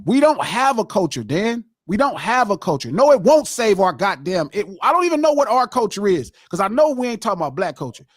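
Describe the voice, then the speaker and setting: A man's voice: high voice, big pitch swings, brisk, few pauses, no room sound, studio quality. A middle-aged man hosting a live podcast, lecturing in a heated, profane, impassioned rant. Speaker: podcast host.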